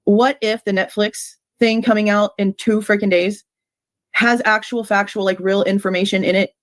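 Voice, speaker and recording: A woman's voice: medium pitch, fairly even intonation, moderate pace, no room sound. Gushing woman with a dry close sound. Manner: gushing, swearing. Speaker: stream guest. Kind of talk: excited group chat.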